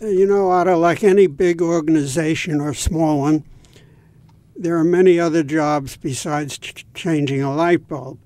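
A man speaking as a guest on an interview, explaining things in a measured, patient way. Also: a little high, fairly even intonation, a little mellow, no room sound. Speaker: guest from a home repair volunteer group. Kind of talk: interview answers.

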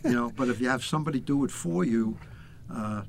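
A man's voice: mid-range voice, fairly quick, vocal fry, slight background noise. An older man hosting a talk show, chatting casually and repeating words as he thinks. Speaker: host.

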